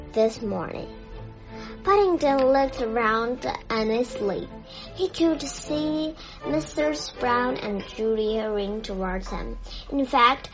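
A woman reads a children's story aloud in a gentle, unhurried way. Her voice sits fairly high, and the recording is dull and lo-fi. Faint music plays behind her. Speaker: narrator.

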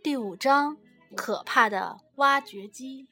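A mother reading a storybook aloud to her child in an expressive, lively way. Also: high voice, takes it slowly, over loud music.

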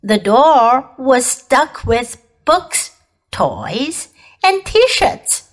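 A woman English teacher, whose first language is Chinese, reading a children's story aloud in two languages with a clear, sing-song manner for small children. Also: sits high, lively intonation, drawn-out words.

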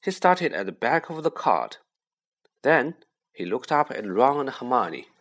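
Male audiobook narrator; unhurried, animated. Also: mid-range voice.

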